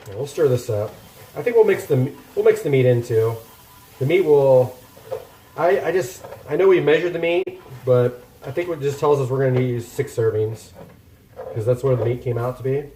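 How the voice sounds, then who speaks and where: A man's voice: mid-range voice, normal speed, dark tone, roomy sound, slight background noise. A man chatting casually to his viewers while cooking in a home kitchen, rambling and poking fun at himself. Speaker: cooking streamer. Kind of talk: casual cooking chat with live chat.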